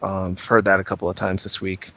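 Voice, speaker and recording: A man's voice: low voice, completely flat delivery, fairly quick, fairly bright tone, no room sound. Easygoing man in a dry, dead room. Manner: easygoing, thoughtful, self-deprecating. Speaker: podcast co-host. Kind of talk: casual chat.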